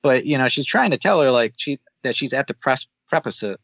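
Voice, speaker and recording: A man co-hosting a podcast, recapping a TV episode in a rambling way with many filler pauses over a video call. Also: mid-range voice, animated, gravelly, fairly bright tone, dry recording. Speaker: podcast co-host. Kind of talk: casual chat recapping a TV episode. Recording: dull dry call audio.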